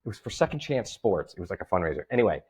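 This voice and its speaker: Speaking very fast in a low voice with a breathy edge, a comedian and promoter tells a story as a guest in a relaxed interview. He is an animated storyteller who imitates the voices of the people he quotes.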